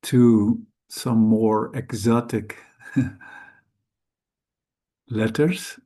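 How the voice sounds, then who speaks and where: A man whose first language is Dutch, teaching Sanskrit letters in a slow, careful lesson, hesitant and correcting himself often. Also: lowish voice, fairly even intonation, dark tone. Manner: hesitant, halting, with frequent self-corrections.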